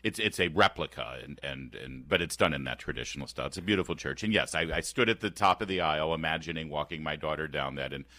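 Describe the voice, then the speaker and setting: Bright-voiced man hosting talk radio. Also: extremely low pitch, quick pace, few pauses, dry recording. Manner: animated, sarcastic, frequent restarts. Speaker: radio talk show host. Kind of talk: casual opinionated talk radio chat. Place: radio studio. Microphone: close studio microphone.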